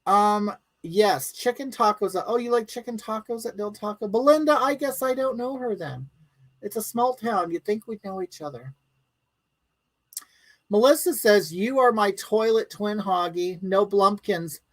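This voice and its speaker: A woman's voice: fairly high pitch, expressive, normal speed, rough recording. A woman hosting a live stream from home, chatting casually and bluntly with viewers and reading out their comments in a rambling, crude way.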